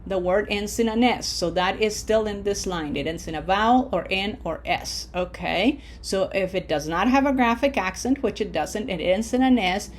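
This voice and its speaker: A woman teaching a recorded online language lesson. She explains rules patiently, checks in with the listener by asking "okay?" often, and slows down to stress example words when she models pronunciation. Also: mid-range voice, a little hiss or hum. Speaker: Spanish teacher.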